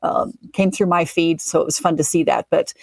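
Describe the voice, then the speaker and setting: A woman co-hosting a talk show, upbeat and chatty, quick to agree in casual talk. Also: lowish voice, fairly even intonation, a little mellow, no room sound. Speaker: podcast co-host. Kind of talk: casual chat.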